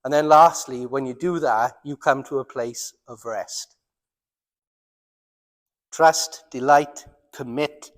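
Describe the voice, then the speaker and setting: Welsh pastor preaching in a reverberant hall. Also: male voice, medium pitch. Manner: earnest, slows down and drops to near silence for emphasis. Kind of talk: sermon. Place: church.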